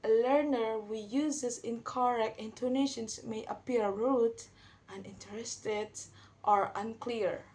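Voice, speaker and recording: A young woman giving a class presentation, reading from notes a little haltingly. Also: a little high, fairly even intonation, darkish tone. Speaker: student presenter.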